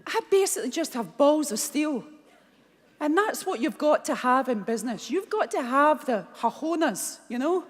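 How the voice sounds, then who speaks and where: A middle-aged Scottish woman giving a keynote speech, telling blunt, animated stories and acting out the dialogue. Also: high voice. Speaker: keynote speaker. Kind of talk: motivational keynote storytelling. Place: large conference hall. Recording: long hall reverb.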